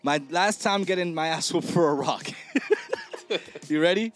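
A man hosting a casual podcast chat, telling loud, laughing stories and acting out the people in them. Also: a little high, normal speed. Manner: animated storyteller, laughing, acting out voices. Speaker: podcast host.

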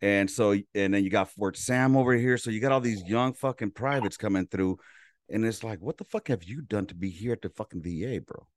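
A man's voice: fairly low pitch, brisk, no echo. A man from Los Angeles, a veteran hosting a casual chat, laid-back and profane while telling his stories. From Los Angeles, California. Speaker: podcast host, veteran.

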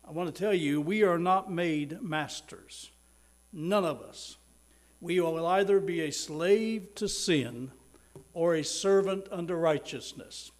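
Emphatic preacher man, sermon. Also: on the high side. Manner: preaching with emphatic slow stresses and sudden swells in loudness; leads congregation in prayer.

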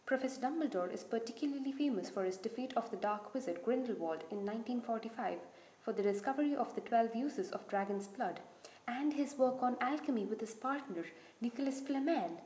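A woman's voice: fairly high pitch, animated, fairly quick, roomy sound, close to an everyday voice. A woman voicing an earnest young teenage boy. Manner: earnest, hushed at times.

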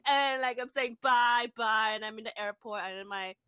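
A woman telling personal stories in casual chat, animated and laughing, with lots of fillers. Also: on the high side, brisk, clean tone, no echo.

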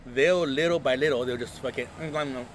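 A man's voice: mid-range voice, brisk, slight background noise. A man co-hosting a podcast in casual chat, joking and swearing freely in a community center. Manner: joking, profane banter. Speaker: podcast co-host.

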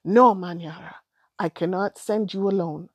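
A woman's voice: on the low side, normal speed, breathy edge, no echo, studio quality. A woman voicing a proud, firm father in a storybook. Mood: fatherly. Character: proud loving father of two daughters.

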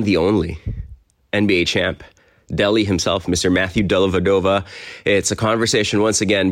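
A podcast host with a low, fairly bright voice gives upbeat, hype-style introductions and chats casually with his guest.

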